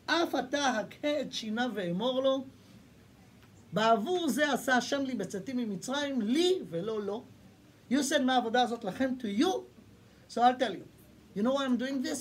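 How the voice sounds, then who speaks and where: An animated male rabbi teaches a lesson, slipping into Hebrew quotations and acting out the lines of the people he discusses. A faint hum sits under the recording. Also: extremely high pitch, fast talker. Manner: animated, acts out the questioners' lines. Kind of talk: Torah lesson.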